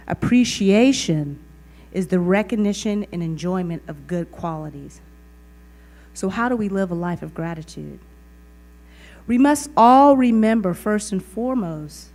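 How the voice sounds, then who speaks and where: A woman's voice: mid-range voice, a little mellow. A woman reverend giving a sermon, earnest and emphatic, with repeated phrases. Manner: earnest, emphatic preaching with repetition. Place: community center lounge.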